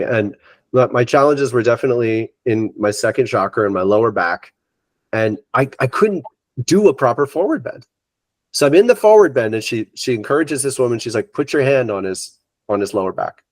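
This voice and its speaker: A middle-aged man, a yoga teacher, telling a personal story in an interview in an animated way and acting out what others said. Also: mid-range voice, a little fast, dry recording.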